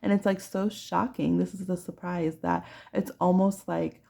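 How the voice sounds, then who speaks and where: Giggly tarot reader woman, gravelly and mellow. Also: on the low side, fairly even intonation, normal speed. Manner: chatty, giggly, acts out little voices. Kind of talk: pick-a-card tarot reading.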